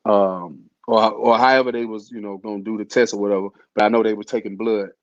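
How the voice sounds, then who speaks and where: A man's voice: on the low side, fairly even intonation, quick pace, no room sound. A man telling a personal story in a casual, slangy way, full of fillers. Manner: laid-back, slangy, loose with fillers. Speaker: host telling his illness story. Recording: dull lo-fi sound.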